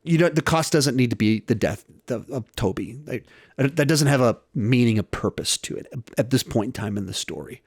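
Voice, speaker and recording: A man's voice: mid-range voice, fairly quick, slightly rough, no echo, studio quality. A young man giving a casual spoken film review, retelling scenes and acting out quoted lines.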